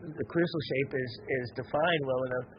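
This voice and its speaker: A man hosting a gem and mineral show, talking in a slow, rambling, reflective way with many pauses and fillers. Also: mid-range voice, steady tone, highs cut off, a little hiss or hum. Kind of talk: unscripted educational show talk.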